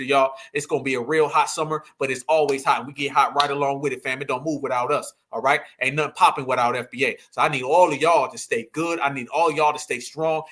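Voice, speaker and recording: A man's voice: medium pitch, sharp tone. A man hosting a commentary vlog, speaking in a preachy, emphatic way with lots of slang, rallying his audience and mocking people with laughter. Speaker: host.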